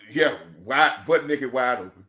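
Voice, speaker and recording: A man in a passionate, preachy football rant, swinging between shouting and quiet emotion, calling his listeners "church". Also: medium pitch, takes it slowly. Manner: preachy, emphatic, calls audience "church". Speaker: football commentator. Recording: echoey room.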